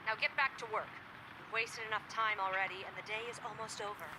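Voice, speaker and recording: An actress voicing a sarcastic, scolding postal supervisor over a phone call in a game. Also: female voice, mid-range voice, fairly even intonation, fast talker, background noise, natural voice.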